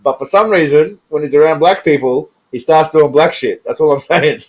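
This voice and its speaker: A man's voice: on the high side, moderate pace. A man hosting a reaction video, giving loose casual commentary and swearing as he wanders off on tangents. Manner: rambling, profane, chuckling, goes off on tangents. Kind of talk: casual commentary over clips.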